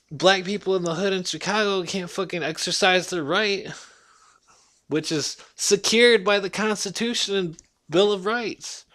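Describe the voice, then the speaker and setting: A man's voice: a little high, a bit bright. A man delivering a blunt, profanity-heavy casual rant to the camera. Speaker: vlogger.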